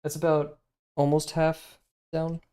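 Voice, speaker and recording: Mellow-voiced man thinking aloud while drawing. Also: on the high side, monotone, slow pace, smooth. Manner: rambling, hesitant, many fillers and restarts; self-deprecating, laughs easily. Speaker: streamer learning to draw.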